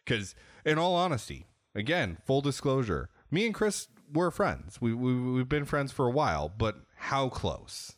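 A young man co-hosting a podcast, telling stories in a lively, casual way and swearing freely. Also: medium pitch, unhurried, hardly any pauses, dry recording, studio quality. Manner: animated storyteller, swears freely. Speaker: podcast co-host. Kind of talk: casual chat.

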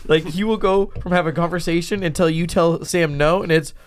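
Male host, high-pitched, jokey interviewer. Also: steady tone, brisk. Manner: joking, asks ribbing questions. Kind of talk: casual chat.

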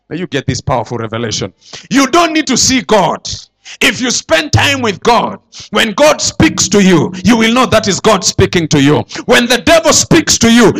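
A man preaching a sermon to his church, swinging between loud declarations and hushed asides. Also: high voice, vocal fry. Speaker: pastor.

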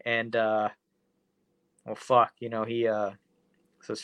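A man's voice: on the low side, monotone, slow, pauses often, fairly bright tone, clean tone, dry recording. A man co-hosting a podcast, telling a story loosely and profanely, with many fillers. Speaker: podcast co-host. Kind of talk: casual comedic chat.

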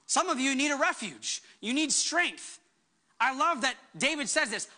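A woman's voice: sits high, animated, unhurried, sharp tone. A woman pastor delivering a sermon with emphatic preaching, acting out the words she quotes.

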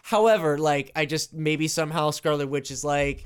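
A man's voice: on the high side, lively intonation, normal speed, hardly any pauses, clear, resonant tone. A man co-hosting a casual podcast, chatting loosely and acting out quotes in put-on voices, with some swearing. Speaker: podcast co-host.

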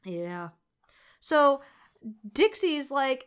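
Podcast co-host, woman, smooth clear voice, loose profane movie recap. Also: mid-range voice, moderate pace. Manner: animated, swears freely, mock voices for quotes. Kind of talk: casual chat recapping a movie.

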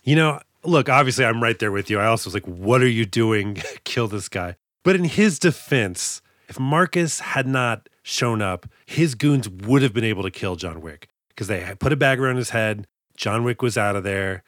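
Casting note: male podcast co-host, casual and chatty, quick to laugh, mid-pitched, dry close sound. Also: expressive, a bit bright, no room sound. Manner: chatty, laughs often, trails into asides. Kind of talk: casual movie discussion.

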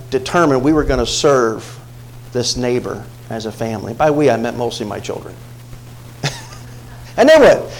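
A male pastor preaching a sermon, telling a personal story with dramatic swings from hushed tones to shouts. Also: medium pitch, a little hiss or hum, rough recording.

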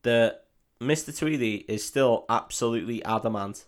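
A man's voice: medium pitch, normal speed. A man co-hosting a podcast, retelling a film in a crude, joking way and slipping into character voices. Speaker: podcast co-host. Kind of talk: casual comedic film recap.

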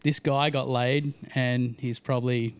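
A man chatting casually, laughing often and telling lively stories. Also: medium pitch, unhurried, smooth, no echo. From Australia. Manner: animated storyteller, laughs often. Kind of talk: casual podcast chat.

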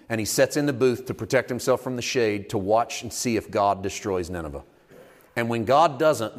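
Male preacher rising to loud emphatic peaks. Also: on the low side. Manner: builds from calm storytelling to loud, emphatic climaxes; preaching with congregation call and response. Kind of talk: sermon. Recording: long reverb of a large hall.

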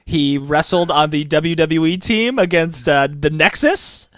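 A man's voice: fairly high pitch, a little slow, fairly bright tone, no room sound. A man co-hosting a casual wrestling chat, telling stories with enthusiasm as he counts down a list. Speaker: wrestling podcast co-host.

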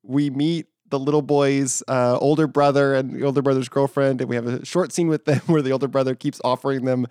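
A man's voice: medium pitch, fairly even intonation, fairly quick, few pauses, a little mellow, smooth, no echo, studio quality. A man chatting on a podcast about a movie, rambling and laughing often. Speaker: podcast host. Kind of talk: casual podcast chat about a film.

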